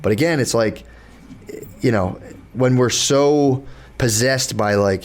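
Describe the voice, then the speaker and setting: A young man chatting on a podcast at a middle pitch. He rambles, restarts his sentences and swears freely, slipping into little acted-out inner voices to make his point. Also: fairly even intonation, moderate pace, a little hiss or hum. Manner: loose, rambling, profane, with frequent restarts and acted-out inner dialogue. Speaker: podcast host. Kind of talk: casual podcast chat.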